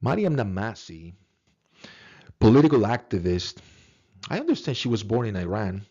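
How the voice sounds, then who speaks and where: A man's voice: fairly low pitch, very animated, normal speed, a little mellow, slightly rough, highs cut off. A man giving a recorded philosophy lecture in an earnest, emphatic way, repeating words and asking rhetorical questions.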